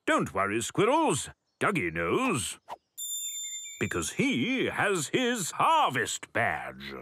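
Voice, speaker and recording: A man narrating a children's cartoon in a gentle, patient way, talking directly to the characters. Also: a little high, wildly swooping pitch, takes it slowly, slight background noise.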